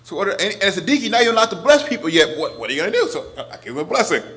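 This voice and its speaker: A priest in his forties preaching a sermon, earnest, moving between emphatic lines and hushed ones. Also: high voice, big pitch swings, rapid-fire.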